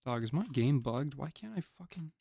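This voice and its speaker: A man's voice: medium pitch, animated, normal speed, gravelly, dark tone, husky, dry recording. A young man chatting casually as a podcast co-host while gaming, laid-back, swearing and laughing easily. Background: keyboard and mouse clicks.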